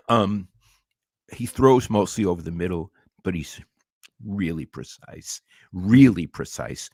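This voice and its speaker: An older man with a Brooklyn accent co-hosting a sports talk show, deliberate and wry. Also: sits low, no room sound, clean studio sound. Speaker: podcast co-host.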